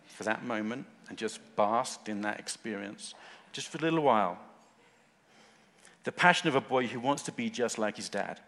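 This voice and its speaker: A man preaches in short, earnest phrases at a middling pitch, pressing his points with fervent weight. His voice rings out with a long hall reverb. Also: fairly bright tone. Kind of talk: sermon.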